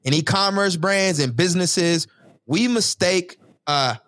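A man hosting a podcast, talking business in an animated, slangy way, often saying "yo" and "et cetera". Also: high-pitched, measured pace, no room sound. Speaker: podcast host and business coach. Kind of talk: energetic casual interview.

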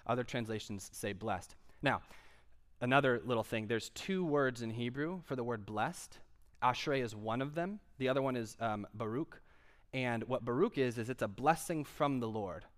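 A man's voice: medium pitch, moderate pace. A male pastor giving a conversational sermon, asking the congregation questions as he goes. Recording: long hall reverb.

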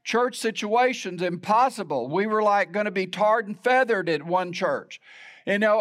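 Man, pastor, middle-aged, fairly high-pitched, conversational sermon, wry humor. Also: moderate pace, a bit bright. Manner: conversational, storytelling with self-deprecating humor.

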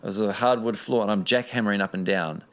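A man's voice: fairly low pitch, fast, fairly bright tone. A man, an interview guest telling a personal story in an earnest, rambling way with many restarts.

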